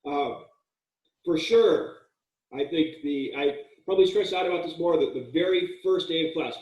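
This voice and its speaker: A male college writing instructor giving a casual, joking lecture with frequent fillers and restarts, recorded in an echoey room with the mic at a distance. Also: fairly high pitch.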